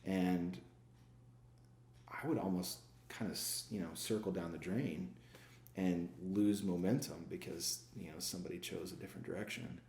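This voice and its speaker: A man's voice: sits low, fairly even intonation, moderate pace, a little mellow, slight background noise. A man, a sales manager and former pastor, talking reflectively in a casual interview, asking himself rhetorical questions and answering them. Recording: echoey room.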